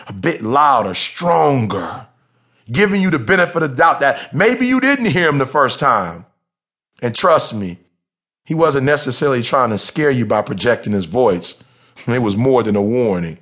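A man narrating his memoir as an audiobook in an emphatic, animated, conversational way, with restarts. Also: medium pitch. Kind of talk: audiobook storytelling.

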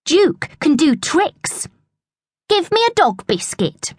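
Lady doing a bratty show-off schoolboy, high and sneery, bragging nonstop. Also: sing-song, takes it slowly, no echo, heavily acted. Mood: boastful. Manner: sneering, boastful. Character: boastful snooty schoolboy show-off.

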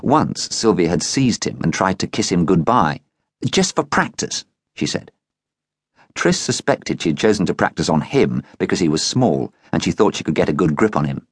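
A man reading a children's novel aloud as an audiobook narrator, in a calm storytelling manner. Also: brisk, few pauses, breathy edge, no echo, studio quality. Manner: calm storytelling, lively pitch. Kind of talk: scripted narration.

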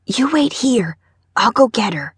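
A woman doing a hushed little boy. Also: on the high side, expressive, measured pace, breathy edge, dry recording, studio quality, voice pushed up, heavily acted. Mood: earnest. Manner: hushed, whispering. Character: small, earnest little boy. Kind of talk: audiobook character voice.

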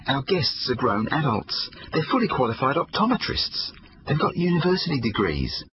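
A man voicing a calm, easygoing father who speaks slowly and soothingly. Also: mid-range voice, highs cut off, background noise, pitched above the performer's own voice, lightly acted. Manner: slow, soothing, unhurried.

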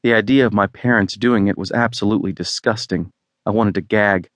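A man reading a first-person romance novel in a wry, deadpan manner. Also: fairly low pitch, a little fast, no room sound. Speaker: audiobook narrator. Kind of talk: scripted first-person narration.

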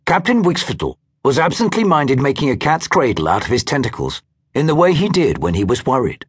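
A man's voice: mid-range voice, huge pitch swings, a little fast, slightly rough. A man narrating an audiobook with a dry storytelling manner.

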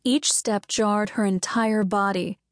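A woman's voice: mid-range voice, steady tone, slow, no echo, clean studio sound. Woman narrating a romance audiobook. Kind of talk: scripted narration.

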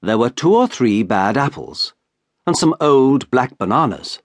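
A man narrating an audiobook in the first person with a slow, careful delivery. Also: mid-range voice, sing-song, no echo, clean studio sound. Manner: slow, carefully paced reading.

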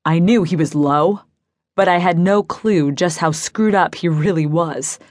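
A woman's voice: on the low side, unhurried, a little mellow, no room sound, studio quality, natural voice. Woman voicing an earnest young man.

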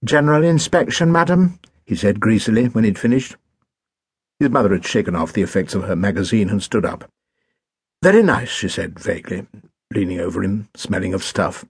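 A man narrating an audiobook in a measured, wry storytelling manner, recorded in a studio. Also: deep voice, fairly even intonation, a little mellow, husky, no echo.

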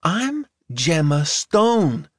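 A male audiobook narrator voicing a blunt young American woman, soaked and tired, who talks deeper and slower than expected. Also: very animated, dry recording, studio quality, heavily acted. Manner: blunt, matter-of-fact. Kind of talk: audiobook character voice.

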